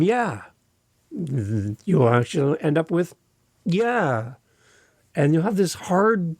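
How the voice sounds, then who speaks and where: Husky-voiced Canadian man hosting a podcast. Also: fairly high pitch, no room sound, clean studio sound. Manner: conversational, expressive pacing with deliberate pauses. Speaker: podcast host and editor. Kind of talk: solo podcast talk.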